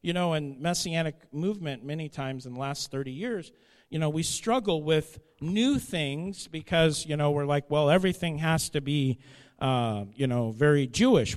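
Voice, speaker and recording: A man preaching a sermon as pastor, swinging between loud declarations and quiet asides. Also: mid-range voice, moderate pace, long reverb tail.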